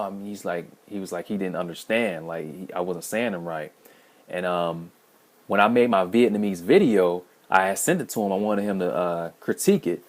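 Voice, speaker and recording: A man hosting a language-learning video, talking casually to camera in a rambling way with many restarts. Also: low-pitched. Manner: rambling, frequent restarts and fillers.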